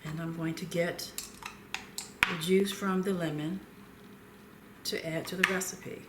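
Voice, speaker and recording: A woman hosting a cooking show, speaking gently and without hurry while she prepares food in a kitchen. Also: lowish voice, fairly even intonation, reverberant, very noisy. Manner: gentle, unhurried, talks while working. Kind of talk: cooking demonstration with calm chat. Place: home kitchen.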